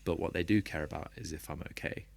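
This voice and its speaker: A man who plays rugby, a guest on a podcast, talking in a reflective and open way and laughing softly now and then. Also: rumbling low, fast talker, creaky, a little hiss or hum. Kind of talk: candid podcast conversation.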